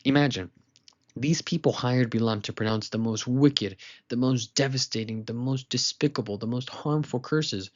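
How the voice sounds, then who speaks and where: A man teaching a weekly lesson to children, retelling a story in a lively, casual way with asides to listeners. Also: medium pitch, normal speed, dull audio.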